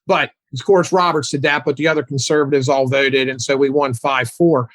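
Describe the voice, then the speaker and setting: A man in his sixties, a guest on a political talk show, animated and mocking as he talks. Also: moderate pace, no room sound. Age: 60s. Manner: animated, mocking, mimics opponents in high voices.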